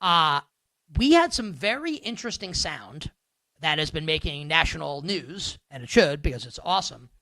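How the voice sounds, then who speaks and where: A man with a New York accent hosting a live sports betting talk show, delivering an animated, sarcastic and rambling monologue. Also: on the high side, moderate pace, no room sound, rough recording.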